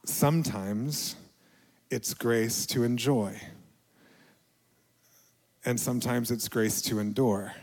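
A middle-aged male pastor giving a reflective, confessional sermon, with quiet dips to near a whisper. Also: mid-range voice, steady tone, slow, pauses often, in a large hall.

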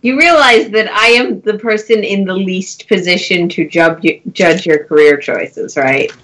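A woman's voice: medium pitch, measured pace, fairly bright tone, rough recording. A woman playing a tabletop game, chatting in and out of character. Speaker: player. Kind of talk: casual tabletop game chat.

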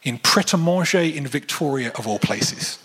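A man preaching a sermon, telling a personal story and acting out the voices in it with animated swings. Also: moderate pace, husky. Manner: animated, acts out dialogue with wide pitch swings.

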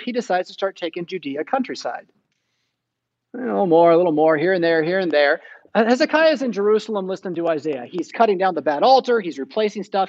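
A man's voice: sits high, highs cut off. An American man preaching a sermon in a church, retelling the story casually and acting out the quotes.

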